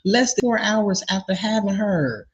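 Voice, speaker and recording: A woman's voice: mid-range voice, expressive, measured pace, slightly rough, highs cut off. A woman venting to her viewers in an indignant, profane, casual rant about a personal story. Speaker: vlogger telling a personal story.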